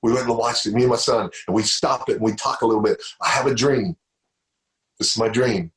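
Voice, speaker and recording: A middle-aged motivational speaker on stage tells stories and repeats phrases for emphasis. His mid-range voice holds a steady tone and moves fairly quickly.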